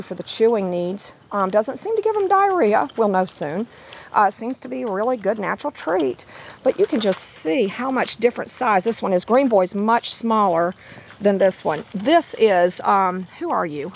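A woman, hoarse from laryngitis, rambles on at a middling pitch as she walks through a yard. She breaks into high sing-song baby talk for the puppies now and then. There is a faint hum of ambience behind her. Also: lively intonation, moderate pace. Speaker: dog breeder. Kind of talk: casual vlog. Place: outdoor yard.

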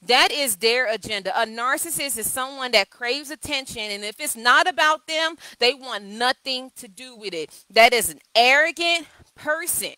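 A woman's voice: sits high, expressive, moderate pace, few pauses, bright, forceful tone, dry recording, rough recording. A woman coach talking live to her viewers, telling candid stories and repeating key phrases for emphasis. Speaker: communication coach. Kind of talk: live video talk.

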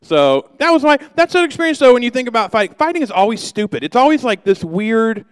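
A man's voice: very high voice, very animated, quick pace, smooth, no room sound. A middle-aged man, a pastor, telling a humorous personal story during a sermon in a loose, joking way. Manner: humorous, anecdotal, loose with fillers.

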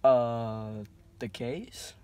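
A teenage boy voicing a dim, clueless young cop partner in a lower, flatter voice. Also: extremely slow. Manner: flat, clueless.

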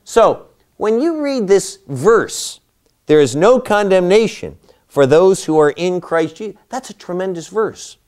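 A man's voice: high-pitched, animated, a little slow, a little mellow. A man teaching a Bible class, lecturing through a passage and posing rhetorical questions to his listeners.

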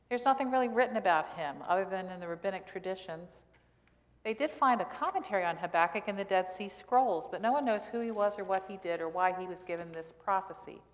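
A woman pastor giving a sermon in a conversational style, asking the congregation questions as she goes. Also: mid-range voice. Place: church sanctuary. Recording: church hall reverb.

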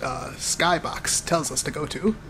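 A man's voice: a little high, unhurried, creaky, bright, forceful tone, a little hiss or hum. Joking man riffing over gameplay. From Puerto Rico. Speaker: let's play co-host. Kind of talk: casual gameplay chat.

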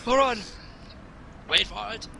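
A man's voice: high voice, slow, gravelly, noisy background. A man chatting casually while playing a game, giving orders, swearing and laughing. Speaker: game player. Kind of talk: casual gaming chat.

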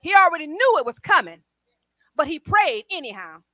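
A woman a sermon, testifying with swings from quiet talk to shouted praise. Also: high-pitched, very animated, moderate pace, no echo. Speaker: preacher.

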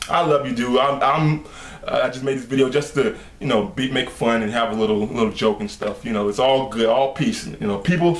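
A young man talking casually to his viewers in a relaxed, rambling way, laughing between thoughts. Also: mid-range voice, brisk, reverberant. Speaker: video creator. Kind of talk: casual vlog talk.

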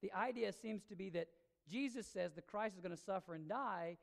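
A woman's voice: mid-range voice, a little fast, gravelly. A woman pastor preaching a sermon in an emphatic, conversational way. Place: church sanctuary. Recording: long reverb of a church hall.

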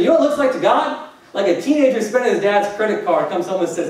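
Guy pastor preaching, high voice, loud echoey church hall, mic a bit far off. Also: very animated, fast talker. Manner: conversational, jokey preaching with rhetorical questions to the congregation. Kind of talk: sermon.

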